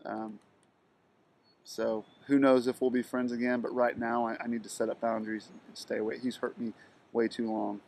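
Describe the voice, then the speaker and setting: Middle-aged man, monotone delivery, halting personal monologue full of restarts. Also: mid-range voice, gravelly. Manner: halting, with frequent ums and restarts, flat delivery. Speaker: video blogger telling a personal story.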